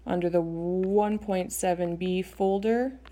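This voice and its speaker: A woman's voice: on the low side, steady tone, slow, dark tone. A young adult woman teaching Spanish in a recorded video lesson, explaining step by step in a patient way with frequent ums.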